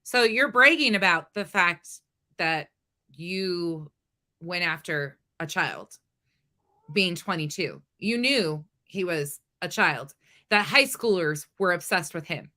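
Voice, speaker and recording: A woman's voice: lowish voice, animated, takes it slowly, sharp tone. A woman host giving pointed, skeptical commentary on a story she plays. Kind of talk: critical commentary.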